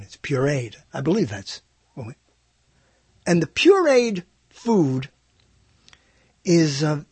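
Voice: mid-range voice, breathy edge, no room sound. A solo vlogger talking in a casual, rambling monologue, digressing often and acting out quoted lines.

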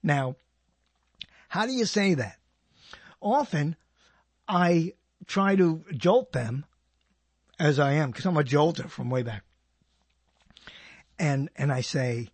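A man's voice: fairly high pitch, animated, slow, long pauses, breathy edge, dry recording. An older man hosting his own radio show, rambling and joking to himself, often breaking off mid-sentence. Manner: rambling, self-interrupting, joking. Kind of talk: rambling solo monologue.

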